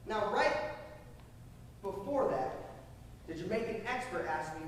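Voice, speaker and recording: A young man in his twenties telling a story to an audience, excitable and animated, acting out scenes with shouts and sound effects. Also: high-pitched, a little slow. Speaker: motivational speaker. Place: large hall. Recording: echoey hall from far off, noisy.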